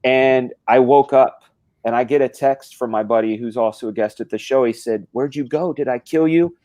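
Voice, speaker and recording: A man's voice: medium pitch, moderate pace, mellow, dry recording. A man hosting a casual live stream, telling a rambling story with lots of swearing and restarts. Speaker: stream host.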